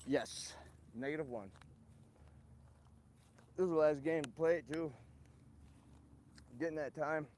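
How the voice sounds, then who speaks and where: A man's voice: a little high, level tone, normal speed, pauses often, darkish tone. Man, livestream host, ranting, profane, rambling, outdoors, faint background noise. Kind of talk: rambling live-stream monologue.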